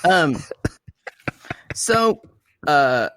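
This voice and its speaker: A man's voice: on the high side, big pitch swings, extremely slow, bright, forceful tone, no room sound. Bawdy, sarcastic male podcast co-host, dry sound. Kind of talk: casual comedic recap chat. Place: apartment room at home. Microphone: podcast microphone.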